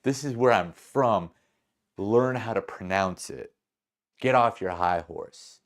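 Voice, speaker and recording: A man voicing a calm, grounded male customer who speaks slowly and firmly, doing his best at the customer's accent. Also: on the low side. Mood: coolly firm. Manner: slow, measured, composed.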